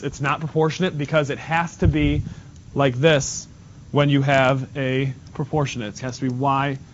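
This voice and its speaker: A male math teacher teaching in a classroom, quizzing students and repeating key points in a brisk way. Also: medium pitch, a bit bright. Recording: dull lo-fi classroom recording with noise.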